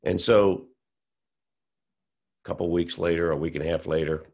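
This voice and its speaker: A man telling a long personal story in an interview, animated and acting out what others said. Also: sits low, normal speed, gravelly. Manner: animated storyteller who acts out quotes. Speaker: whistleblower telling his story.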